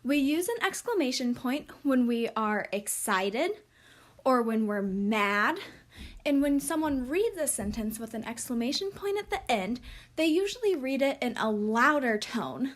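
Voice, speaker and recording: High-pitched lady teacher talking slow and clear to little kids. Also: sing-song. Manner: slow, clear explaining voice for young children. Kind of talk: recorded classroom lesson.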